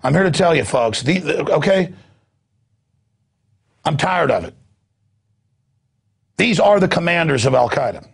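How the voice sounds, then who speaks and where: A heavily gravelly, husky male voice with a slightly raised pitch, ranting through a fired-up political monologue as a news show host. He mocks others by jumping into shrill put-on voices, then drops back down to his own rough delivery. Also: big pitch swings, a little slow, pauses often.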